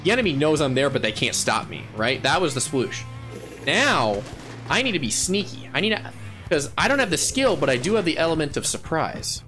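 A playful male game streamer with a bright, forceful voice that swings widely as he jokes and laughs his way through a match. He chatters casually to his viewers and bursts into yells at his wins. Faint music plays behind him. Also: fairly high pitch, big pitch swings, brisk. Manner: playful and goofy, laughing often and yelling at wins. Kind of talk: casual live gameplay chatter.

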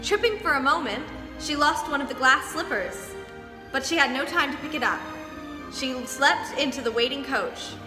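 A young woman dance teacher reading a storybook aloud to children, lively and expressive. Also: high voice, normal speed. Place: dance studio. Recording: echoey studio hall, faint music.

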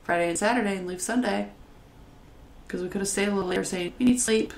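A woman's voice: mid-range voice, fast talker, creaky. A woman hosting a podcast, chatting casually, telling stories freely with swearing and frequent laughter. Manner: lively storyteller, swears freely, laughs often. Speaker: podcast host. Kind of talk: casual chat. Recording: echoey room with faint noise.

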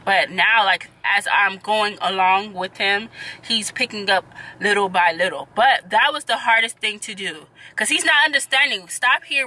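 Bright-voiced young mom venting on vlog. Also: female voice, mid-range voice, low-quality recording. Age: 20s. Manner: talkative and exasperated, venting to viewers. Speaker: vlogger, mother of two. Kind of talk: casual vlog chat to camera.

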